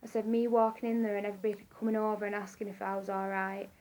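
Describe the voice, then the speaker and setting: A woman's voice: mid-range voice, little pitch movement, quick pace, darkish tone. A young woman telling a long personal story in a casual vlog, rambling and repeating herself with lots of fillers. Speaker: vlogger.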